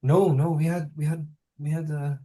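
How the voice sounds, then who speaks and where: A game master voicing an older female elf druid who is bewildered and anxious, talking in halting, stammering restarts. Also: mid-range voice, flat delivery, warm tone, lightly acted. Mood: worried. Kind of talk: tabletop role-play.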